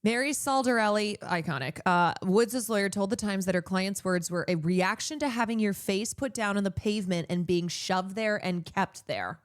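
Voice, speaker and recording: A woman's voice: mid-range voice, moderate pace, hardly any pauses. A woman streamer reading a news story aloud and breaking in with heated, profane asides. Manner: profane, indignant. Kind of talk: casual news commentary.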